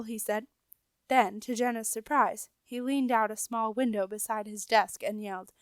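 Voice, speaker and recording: A woman narrating a children's book chapter in a calm, even reading voice. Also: a little high, normal speed, dry recording. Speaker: audiobook reader. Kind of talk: storybook narration.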